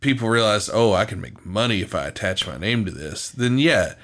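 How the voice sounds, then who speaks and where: Laid-back, lower-voiced male co-host. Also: lively intonation, a little fast, a bit bright. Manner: laid-back and slangy, swears casually. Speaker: podcast co-host. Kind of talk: casual chat.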